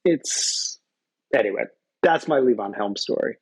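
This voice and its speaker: A man's voice: medium pitch, expressive, measured pace, creaky, breathy edge, no echo, rough recording. A man and guest musician telling loose, profane anecdotes in casual conversation on a close microphone. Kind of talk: casual storytelling.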